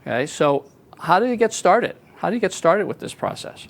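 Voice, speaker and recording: A man's voice: high-pitched, expressive, normal speed. A man hosting a podcast interview, friendly and hesitant, with many fillers. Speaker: podcast host.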